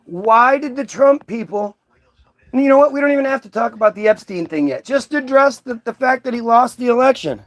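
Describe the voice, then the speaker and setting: A man's voice: very high voice, animated, brisk. A man hosting a livestream, mocking and confronting his commenters in a profane, combative rant. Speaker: livestream host. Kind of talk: ranting at commenters.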